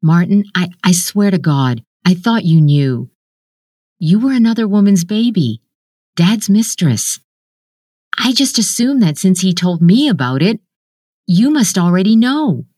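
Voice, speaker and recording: A woman reading the lines of a gentle, apologetic older brother speaking over the phone. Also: mid-range voice, big pitch swings, unhurried, no room sound, studio quality, pitched above the performer's own voice.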